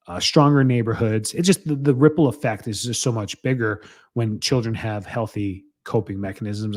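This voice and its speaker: With a voice on the low side and a touch of mellowness, a man in his thirties rambles earnestly through casual solo podcast talk. Self-corrections come up often as he goes.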